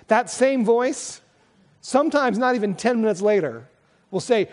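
A man's voice: very high voice, expressive, a little slow, long pauses, a little mellow, long reverb tail. A man preaching a sermon as pastor, earnest and conversational, often restarting his sentences.

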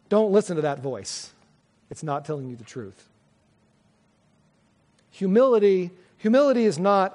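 A man's voice: sits high, lively intonation, a little slow, pauses often, darkish tone, big-room sound. A man preaching a sermon as pastor, earnest and conversational, often restarting his sentences.

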